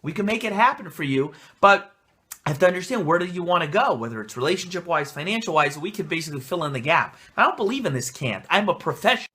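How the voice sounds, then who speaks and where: A young male rabbi records an answer on his phone, talking fast-thinking and excited, full of encouragement. His voice sits a little high and rings with a bright, forward edge. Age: young adult. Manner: energetic, enthusiastic and pep-talking. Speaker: rabbi and life coach. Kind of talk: casual self-recorded video answer. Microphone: phone camera.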